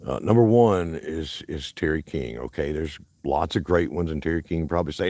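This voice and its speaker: A man's voice: extremely low pitch, normal speed, hardly any pauses, a little mellow, no echo. A man from Alabama with a Southern accent, hosting a casual, rambling livestream chat outdoors at a park in a folksy way. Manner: folksy, rambling, self-interrupting. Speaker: livestream host.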